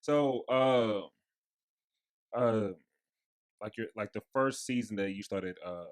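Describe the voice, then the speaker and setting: Laid-back young man with a lowish voice. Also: slow pace. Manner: relaxed, slangy interviewer with short reactions and laughs. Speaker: podcast host. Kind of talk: casual chat.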